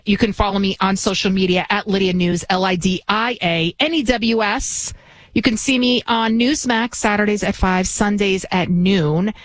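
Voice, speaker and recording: A woman's voice: medium pitch, no room sound, low-quality recording. Forties woman, talk radio host, fired-up ranting monologue, dry close studio sound. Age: 40s. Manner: indignant, ranting storytelling.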